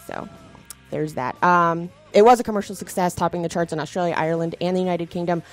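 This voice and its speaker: Brief: easygoing woman podcast co-host from Philadelphia, casual read of notes and comments, low-pitched. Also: fast talker, soft background music. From Philadelphia, USA. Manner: easygoing, laughs often, reads from notes. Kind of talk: casual chat, reading listener comments.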